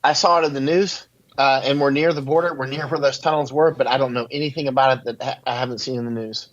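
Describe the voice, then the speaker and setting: A man's voice: mid-range voice, steady tone, quick pace. A man telling rambling stories as a guest in a casual interview, laughing at his own anecdotes. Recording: dull lo-fi audio.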